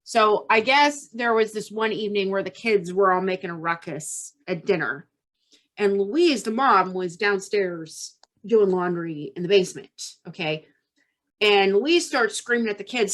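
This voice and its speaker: A woman's voice: mid-range voice, a little slow, fairly bright tone. A woman hosting a podcast, telling a true-crime story casually and tagging her lines with "okay?". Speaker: podcast host.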